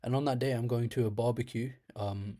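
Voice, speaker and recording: This storyteller host is a young man with a slight lisp whose medium-pitched, dark voice moves fairly quickly with fairly even intonation. He casually rambles through a funny story about his dreams, laughing at himself from time to time.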